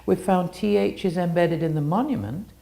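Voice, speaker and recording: A woman's voice: fairly low pitch, normal speed, creaky, warm tone. A woman giving an illustrated talk with slides, explaining step by step and often restarting her sentences. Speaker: presenter.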